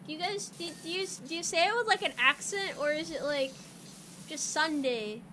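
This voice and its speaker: High, bright-voiced young woman streamer. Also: normal speed, slight background noise. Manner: rambling, jokey, laughs often. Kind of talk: casual chat with viewers while gaming.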